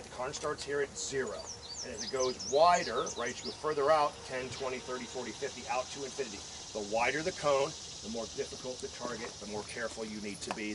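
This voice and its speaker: A male instructor lectures a class at an outdoor shooting range in a loose, joking way, swearing freely and tossing questions to the group. His voice sits at an ordinary middle pitch for a man. The recording is noisy, with clear outdoor sound running underneath him. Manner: joking, profane, quizzes the class. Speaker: firearms instructor.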